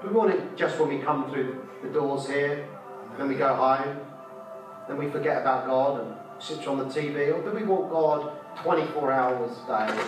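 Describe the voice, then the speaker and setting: A man's voice: mid-range voice, normal speed. A man preaching a fervent sermon at a conference, repeating his phrases and putting rhetorical questions to the audience. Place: conference hall. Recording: echoey hall, mic from far off, faint music.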